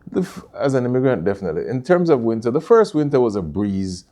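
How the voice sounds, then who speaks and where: A middle-aged man with a Jamaican accent, telling stories in a relaxed interview with many fillers and restarts. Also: mid-range voice, quick pace. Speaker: interview guest, Caribbean store owner. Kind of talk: casual conversational interview.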